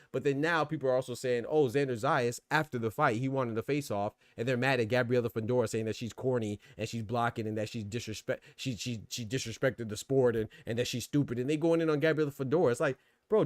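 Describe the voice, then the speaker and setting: A man's voice: mid-range voice, no room sound, clean studio sound. Slangy man hosting a boxing podcast. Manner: slangy, loose and conversational, reacting to chat. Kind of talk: casual podcast commentary reading live chat.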